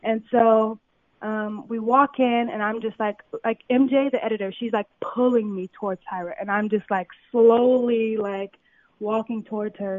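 A young woman from Compton, a model, telling stories excitedly with many fillers in an interview. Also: on the high side, moderate pace, no room sound. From Compton, California. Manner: excited, filler-heavy storytelling. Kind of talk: phone interview, casual storytelling. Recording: tinny phone line.

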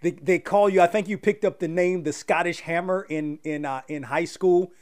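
Host guy, pretty high voice, trips over his words asking stuff. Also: fairly even intonation, a little mellow. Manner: halting, stumbling over phrasing. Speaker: radio show host. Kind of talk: interview questions.

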